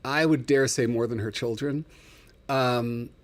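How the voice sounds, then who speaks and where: A male livestream host chatting casually at an average pitch, telling heartfelt personal stories. He talks with open emotion and calls out his viewers by name. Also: steady tone, measured pace.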